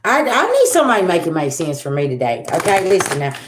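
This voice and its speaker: A woman's voice: fairly low pitch, huge pitch swings, fast, reverberant, noisy background. A woman, hosting a casual tarot livestream and talking bluntly to viewers, swearing freely and with sass. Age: 40s. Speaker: tarot reader and livestream host.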